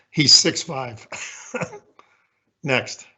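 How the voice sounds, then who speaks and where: A man's voice: mid-range voice, sing-song, very slow, sharp tone, slightly rough. A man in his sixties giving a candid, folksy, self-deprecating leadership talk with slides as a guest speaker.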